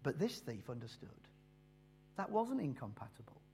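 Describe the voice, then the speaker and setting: A man preaching a sermon, slowing down and swelling in loudness on key phrases before dropping low again. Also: sing-song, vocal fry, slight background noise. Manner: emphatic, rises and drops in loudness and slows on key phrases.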